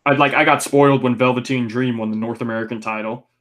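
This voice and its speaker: A young man in casual podcast conversation, riffing on wrestling storylines. His delivery is loose and rambling, with filler words and animated outbursts when he gets worked up. His voice sits at an ordinary male pitch. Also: fast. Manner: chatty, rambling, animated opinions with lots of fillers. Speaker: podcast co-host.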